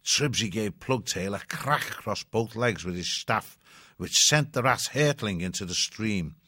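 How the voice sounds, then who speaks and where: A man narrating a storybook chapter in a measured, expressive way. His voice is fairly low but bright and forward. The recording is close and dry. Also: husky, no room sound. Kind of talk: audiobook narration.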